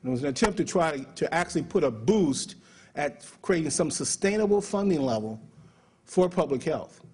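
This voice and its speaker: A man's voice: fairly high pitch, animated, moderate pace, a little mellow, husky. A man with an American accent giving a conference speech on public health, talking in a conversational lecturing way with many fillers and restarts.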